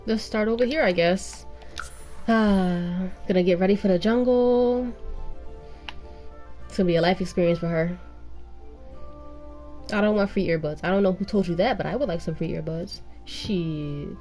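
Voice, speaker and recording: A woman's voice: on the low side, normal speed, long pauses, warm tone, faint music behind. A young woman streaming a life-sim game, giving casual, exasperated running commentary and swearing often.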